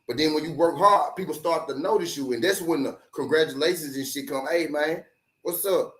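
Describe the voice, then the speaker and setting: A man rants hard about boxing, repeating points and cursing freely. His voice sits fairly high for a man. The sound bounces around an echoey room. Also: brisk. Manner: animated, profane, repetitive, does mocking voices of critics. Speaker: sports talk host. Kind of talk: heated solo rant to camera.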